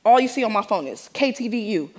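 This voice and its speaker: A young woman from the Bay Area telling an audience her own story in a lively, animated way, acting out the voices of the people in it. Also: on the high side, fast. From San Francisco Bay Area. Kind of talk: personal storytelling talk to an audience.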